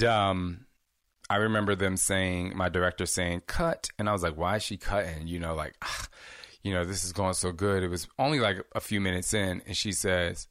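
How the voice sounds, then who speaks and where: A man's voice: lowish voice, pushed and bright, no echo, clean studio sound. A man hosting a casual question-and-answer vlog, talking candidly and chatty, rambling with asides. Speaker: fitness host answering viewer questions.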